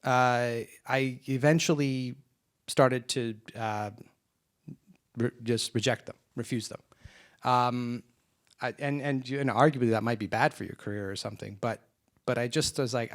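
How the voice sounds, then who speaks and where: Man, panel moderator, reflective, hesitant, mid pitch. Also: a little slow. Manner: relaxed, reflective, hesitant with fillers. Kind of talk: panel discussion.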